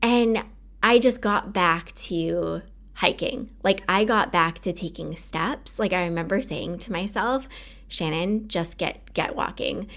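Woman, podcast host, lowish pitch, earnest, conversational, casual monologue. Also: measured pace, fairly bright tone. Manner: earnest, conversational, uses many fillers like "like".

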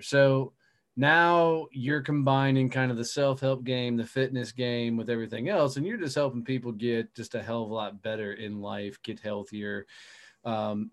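A man's voice: mid-range voice, moderate pace. A man hosting a podcast, chatting casually with a guest, swearing freely and rambling through his thoughts. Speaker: podcast host. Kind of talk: casual interview chat.

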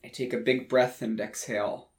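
A man's voice: mid-range voice, little pitch movement, moderate pace. A man narrating a first-person story in a crude, emphatic way. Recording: roomy echo.

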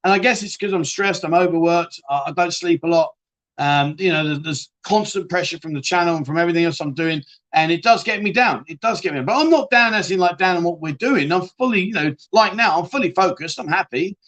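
This man runs a live-stream chat show in a casual, rambling way. He is blunt and chatty and swears freely, and he often restarts mid-sentence as he answers viewers. His voice sits a little higher than most men's. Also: fairly quick, fairly bright tone.

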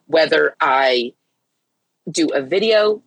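A middle-aged woman speaks heartfelt and earnest on her podcast, stumbling and restarting as she goes. Her voice is husky and a little breathy, as if she has been crying. The sound is dry and close, with no room around it. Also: sits low, expressive, slow, no room sound, dull audio. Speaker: podcast host. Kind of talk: personal faith podcast talk.

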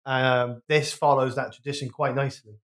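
A man's voice: mid-range voice, steady tone, normal speed, a bit bright. A man from the West Midlands of England, co-hosting a podcast, musing casually and correcting himself as he goes. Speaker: podcast co-host. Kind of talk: casual chat.

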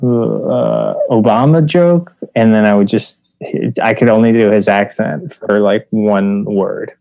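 Low-voiced self-deprecating comedian. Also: male voice, takes it slowly, creaky, no echo. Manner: relaxed, hesitant, self-deprecating. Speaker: stand-up comedian. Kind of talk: casual chat about comedy craft.

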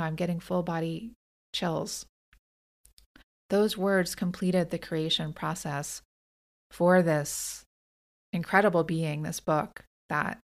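A woman's voice: fairly low pitch, creaky. A woman hosting her own podcast, talking in an earnest, reflective way and often restarting her sentences. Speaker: podcast host and author. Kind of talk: personal reflective monologue.

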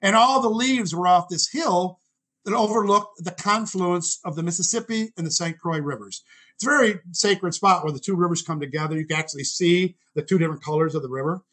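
A man's voice: high voice, a little fast, fairly bright tone, low-quality recording. A man in his sixties, a guest telling a long personal story in conversation, rambling and correcting himself as he goes. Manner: rambling, self-correcting anecdotes; acts out quoted voices.

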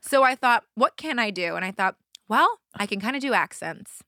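A young woman with a bright, clear voice co-hosts a casual podcast. Her pitch leaps up and down as she acts out quoted lines in an animated way. The sound is dry and close to the mic. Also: moderate pace, no echo. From Southern California. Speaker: podcast co-host. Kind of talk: casual chat.

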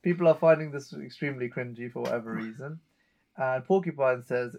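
A man's voice: mid-range voice, brisk, gravelly, a little mellow. A man co-hosting a chat show, casually retelling a TV episode scene by scene and reading out the characters' lines. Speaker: podcast co-host recapping an episode.

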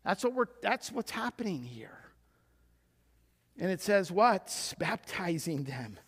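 A male pastor with a notably high voice delivers a sermon, shifting from quiet, intimate passages to loud, driving exhortation. His voice rings out with a long reverb in a church sanctuary. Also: big pitch swings, slow, husky. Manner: emphatic preacher, swings between hushed and loud.

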